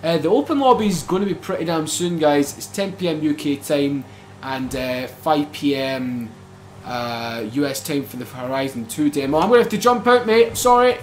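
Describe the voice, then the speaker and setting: A man giving casual gameplay commentary, excitable, swearing often and laughing a lot as he plays. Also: fairly high pitch, normal speed, a little hiss or hum. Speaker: gaming channel host.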